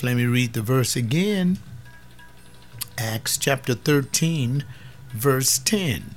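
A man's voice: medium pitch, lively intonation, takes it slowly, long pauses, soft background music. A man preaching a fiery sermon on a webcast, scolding and confrontational as he reads and explains verses.

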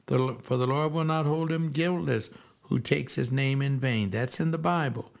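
A man, middle-aged or older, giving impassioned commentary as he reads and reacts to a historical text, emphatic and repetitive with loud rising outbursts. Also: medium pitch, normal speed, gravelly.

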